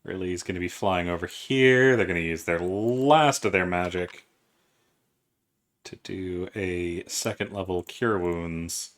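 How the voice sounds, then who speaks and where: A man running a tabletop game as game master, briskly working out movement and rules aloud for his players. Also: sits low.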